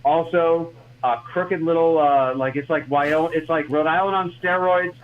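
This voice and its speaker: A man with a fairly high voice, co-hosting a sports podcast in a loose, joking way. He throws in mock-announcer asides between bracket picks. The audio is a bit dull and lo-fi. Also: fairly even intonation, normal speed. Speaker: podcast co-host. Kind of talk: casual sports chat.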